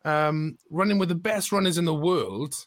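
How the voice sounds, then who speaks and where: A man's voice: a little high, moderate pace, dry recording. A man hosting a podcast, effusive and casual, calling his guest bro. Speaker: podcast host.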